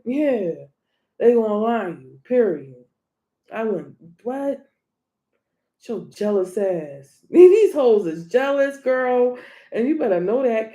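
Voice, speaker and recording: A woman's voice: on the high side, warm tone. A woman doing a tarot reading in a blunt, profane, emphatic way, often laughing. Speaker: tarot reader. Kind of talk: casual tarot reading rant.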